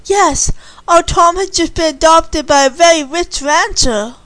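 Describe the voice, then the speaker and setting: A woman's voice: very high voice, measured pace, fairly bright tone, no echo, pitched above the performer's own voice. A woman voicing a stern but kindly orphanage matron in a read-aloud story, with a scolding manner.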